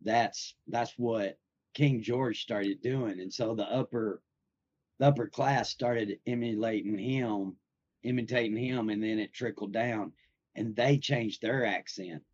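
A man's voice: on the low side, a little slow, a little mellow, slight background noise. A man hosting a podcast, telling stories in a loose, rambling way with lots of fillers. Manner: rambling, filler-heavy storytelling. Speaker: podcast host. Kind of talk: casual podcast chat. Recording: slightly dull lo-fi audio.

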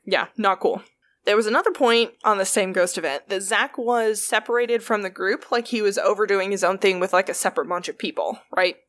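A woman's voice: mid-range voice, a little fast, a bit bright. Chatty, profane woman telling stories. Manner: chatty, profane, heavy on fillers. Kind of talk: casual storytelling.

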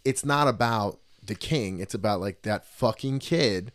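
A man's voice: fairly low pitch, a little slow, a bit bright, no echo, studio quality. A man from New Jersey hosting a casual podcast chat, telling stories and swearing freely. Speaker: podcast host, gym owner.

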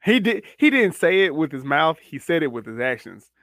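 Wry, lively man on a podcast. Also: a little high, normal speed. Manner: wry, sarcastic, acts out characters in a mock voice. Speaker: podcast co-host. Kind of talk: casual chat.

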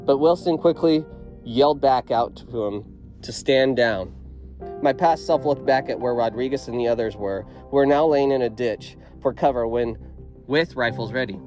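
A man narrates a first-person story in a steady, measured reading voice. His pitch sits at an ordinary middle for a man, even and unhurried.

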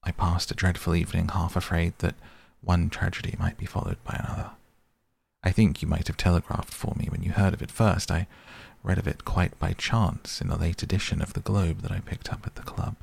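A man's voice: low-pitched, little pitch movement, brisk, creaky, a little mellow, husky, heavily acted. A man reading the part of an earnest, grieving male painter in a sleep story, speaking in a pleading, reproachful way. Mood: pained, reproachful.

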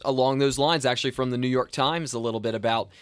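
A man's voice: medium pitch, steady tone, fast, clear, resonant tone, no room sound, clean studio sound. A young man in his twenties hosting a casual chat, talking with enthusiasm and often restarting his sentences. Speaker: host.

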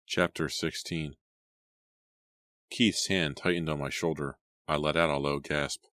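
Very deep-voiced male audiobook reader. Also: steady tone, measured pace, a bit bright, no room sound, clean studio sound. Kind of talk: audiobook narration.

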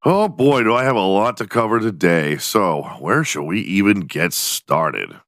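A man's voice: fairly low pitch, animated, unhurried, a bit bright, dry recording, studio quality. A man hosting a solo podcast, rambling and joking with lots of swearing. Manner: profane, rambling, jokey. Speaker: podcast host. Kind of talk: casual solo podcast rant.

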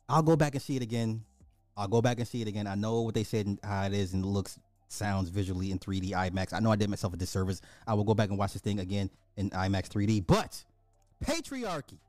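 A man giving an animated, emphatic casual recap of a movie, repeating himself for effect. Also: lowish voice, dry recording. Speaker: movie reviewer.

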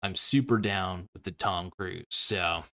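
A man's voice: deep voice, a little slow, bright, forceful tone. A man hosting his own online show, rambling through a goofy, self-mocking sign-off that jumps between topics.

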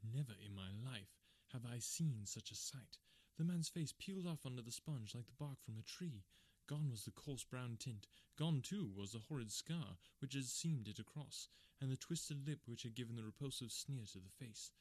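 A man narrates an audiobook in a measured storytelling manner. His voice is middle-pitched. The recording is dry and close, with no room sound. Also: lively intonation, darkish tone, dry recording.

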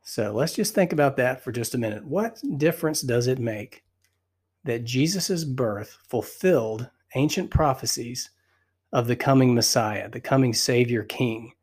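A man's voice: medium pitch, measured pace, a little mellow. Breathless man leading scripture meditation. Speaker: podcast host.

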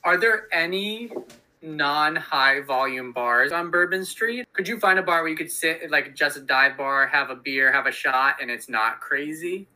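Host: man with a slightly high, very bright voice, easygoing questioner. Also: unhurried, low-quality recording. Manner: curious, conversational questions. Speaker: podcast co-host. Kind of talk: casual interview chat.

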